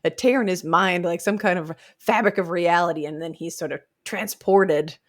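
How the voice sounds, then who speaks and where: A woman's voice: on the low side, normal speed. A woman co-hosting a book-club podcast, chatting casually, giggling and using a lot of "like". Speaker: podcast co-host.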